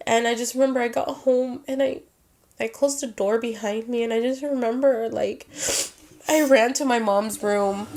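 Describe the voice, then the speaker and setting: A woman's voice: on the high side, vocal fry. A woman co-hosting a podcast, earnestly telling a personal story and switching into Spanish phrases mid-sentence. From Mexican-American family. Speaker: podcast co-host.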